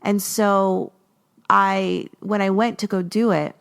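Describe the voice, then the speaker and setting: A woman's voice: mid-range voice, steady tone, takes it slowly, vocal fry, smooth. A woman in her forties hosting a podcast, chatting casually and animatedly as she tells a personal story and acts out her own past words. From Los Angeles. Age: 40s. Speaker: podcast host.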